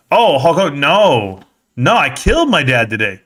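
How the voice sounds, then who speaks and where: A man in his thirties hosting a casual livestream, rambling and excitable, his voice rising loud and dropping soft. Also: on the high side, moderate pace. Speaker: livestream host. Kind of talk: casual stock-market livestream chat.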